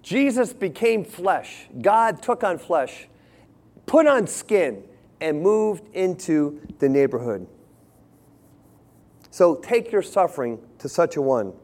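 A man preaching a sermon, earnest, moving between hushed lines and emphatic ones. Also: high voice, very animated, takes it slowly.

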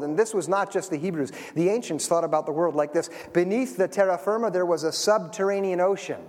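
A man's voice: sits high, darkish tone. A man preaching a sermon to his congregation in a church, emphatic and full of rhetorical questions. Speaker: pastor. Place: church sanctuary. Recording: long hall reverb.

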